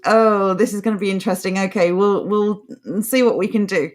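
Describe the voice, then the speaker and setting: A woman's voice: medium pitch, fairly even intonation, brisk. A woman co-hosting a live chat show, reading viewer comments in a chatty, laughing way. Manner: chatty, laughing, trailing off and restarting. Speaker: co-host of a live news-reaction show.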